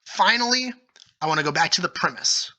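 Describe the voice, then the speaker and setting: A man with a very bright, fairly high voice talks through his homebrew tabletop rules. He is eager and thinks out loud, with fillers and restarts as he goes. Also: expressive, a little fast, rough recording. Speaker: YouTube creator. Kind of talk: solo commentary on game rules.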